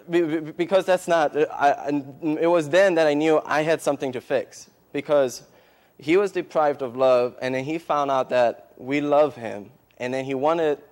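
Speaking in church, a missionary shares a tearful testimony and then moves into a sermon, stumbling through many fillers and false starts. He has a medium-pitched voice with a darkish, clear, resonant tone.

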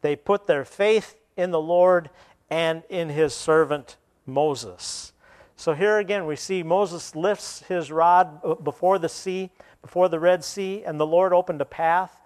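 A man preaching a sermon, retelling scripture and then explaining it with pauses and restarts. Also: on the high side.

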